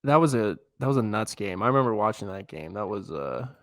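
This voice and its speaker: A man's voice: lowish voice, expressive, fairly quick, a bit bright, dry recording, studio quality. A man co-hosting a casual sports podcast, breaking in with joking, teasing questions. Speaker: podcast co-host.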